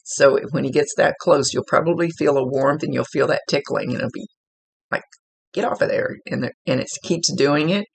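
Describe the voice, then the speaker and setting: Gravelly, husky man giving a reading. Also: fairly high pitch, normal speed. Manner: relaxed, rambling, relaying messages aloud. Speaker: psychic medium. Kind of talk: casual spirit reading.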